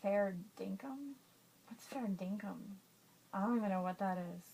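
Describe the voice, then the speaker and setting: A woman's voice: mid-range voice, fairly even intonation, a little fast, darkish tone, slight background noise, rough recording. A woman vlogger reading a list of words aloud in a casual, giggly, self-conscious way.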